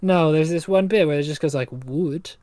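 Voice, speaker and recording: A young adult co-hosting a livestream, talking casually in a relaxed, laid-back way. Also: mid-range voice, fast, clean tone, dry recording. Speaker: livestream co-host.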